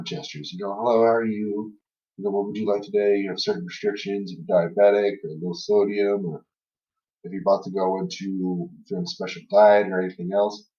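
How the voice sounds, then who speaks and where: A man's voice: sits low, lively intonation, fairly quick, warm tone. A man chatting on a podcast, telling funny stories from an old job, laughing between lines and leaning on fillers like "you know". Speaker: podcast host. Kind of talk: casual storytelling chat. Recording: echoey room, far from mic, dull lo-fi sound.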